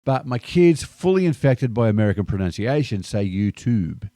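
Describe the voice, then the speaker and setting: A man's voice: medium pitch, lively intonation, brisk, warm tone, dry recording. A middle-aged Australian man with an Australian accent, narrating a vlog in a wry, joking way. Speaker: vlogger. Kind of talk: scripted narration.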